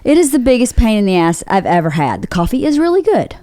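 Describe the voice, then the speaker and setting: A woman's voice: fairly high pitch, big pitch swings, fast talker, dark tone, no echo. A woman hosting a podcast, telling a story in casual chat with lots of swearing and acted-out quotes. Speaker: podcast host.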